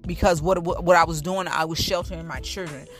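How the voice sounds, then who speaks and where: A woman's voice: fairly low pitch, fairly even intonation, fairly quick, soft background music. A woman in her thirties giving a candid personal testimony, talking straight to her listeners in an earnest, repetitive way. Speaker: speaker sharing her testimony.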